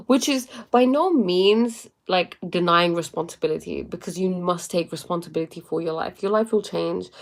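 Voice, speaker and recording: Young woman chatting live, kinda low voice, lots of um and like, upbeat motivational vibe. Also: vocal fry. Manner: chatty, motivational, many fillers and laughs. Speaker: livestream host. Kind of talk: casual spiritual talk to live viewers.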